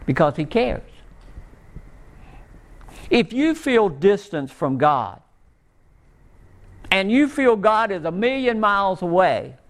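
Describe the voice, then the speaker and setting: A man preaching a sermon, rising and pleading at times, then dropping low and soft to tell a story. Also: creaky. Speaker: pastor.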